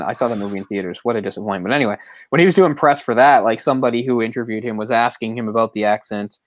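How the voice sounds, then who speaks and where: Low-voiced man, rambling podcast chat. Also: dry recording, dull audio. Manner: rambling, opinionated, chuckles often. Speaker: podcast co-host. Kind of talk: casual movie discussion.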